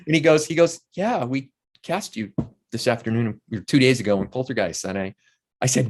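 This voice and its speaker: A man's voice: mid-range voice, a little fast. A man in his sixties, an actor and playwright, telling stories in a casual interview and acting out the voices of the people he quotes. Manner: animated storyteller who acts out quoted voices.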